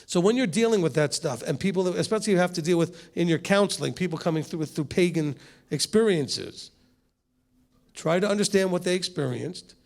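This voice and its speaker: A man's voice: high-pitched, lively intonation, fairly quick, creaky, a little mellow. A rabbi leading a conversational Bible teaching session with a group, asking rhetorical questions and teasing his listeners. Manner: talks straight to the room, rhetorical questions, teasing asides.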